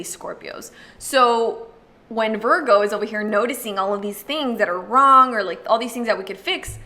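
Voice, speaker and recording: A woman hosting an astrology video, talking casually and explaining to the viewer, full of "like" and quick acted-out quotes. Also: mid-range voice, bright, forceful tone. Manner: chatty, uses lots of "like", acts out quick voices. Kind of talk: casual explanatory talk to camera.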